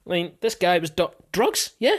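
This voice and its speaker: A woman's voice: lowish voice, animated, moderate pace. A woman hosting a casual sports podcast, telling stories chattily and laughing often. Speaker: podcast host.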